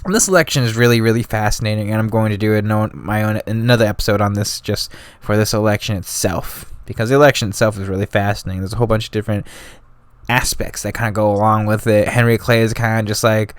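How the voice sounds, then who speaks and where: A man's voice: fairly low pitch, fairly even intonation, quick pace, clean tone, dry recording. A man hosting a history podcast, telling it in loose, slangy, casual talk full of asides. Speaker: podcast host.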